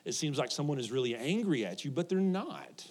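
A man's voice: a little high, animated, brisk, a little mellow. Middle-aged man, pastor, conversational sermon, joking, asks the crowd questions, laughs often.

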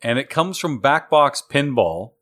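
A man hosts a pinball trivia podcast, introducing contestants with upbeat, game-show-style announcer energy. His medium-pitched, fairly bright voice swings widely in pitch while keeping an unhurried pace.

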